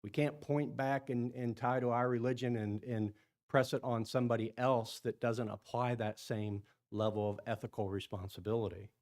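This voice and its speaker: A man's voice: medium pitch, level tone, moderate pace, a little mellow. Chatty man addressing a seminar room. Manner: chatty, repeats words, asks the room questions. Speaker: seminar presenter. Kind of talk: conference talk to engineers. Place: meeting room with an audience of sixty or seventy.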